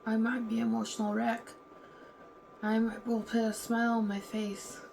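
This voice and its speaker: A woman's voice: on the high side, monotone, moderate pace, gravelly, a little mellow, slight background noise. A woman talking candidly and heatedly in a casual vlog, now and then acting out other people's lines. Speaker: vlogger. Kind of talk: casual venting monologue.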